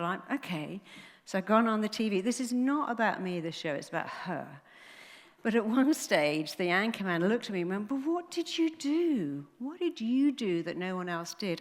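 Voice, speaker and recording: A woman giving a stage talk, telling stories in an animated way and acting out the dialogue. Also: medium pitch. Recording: long hall reverb.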